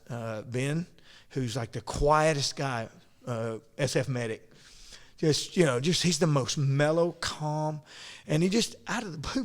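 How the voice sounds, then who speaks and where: A man's voice: mid-range voice, in a large hall. A man hosting a podcast, telling stories in a rambling, casual way with frequent restarts and laughs. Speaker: podcast host. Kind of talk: casual conversation.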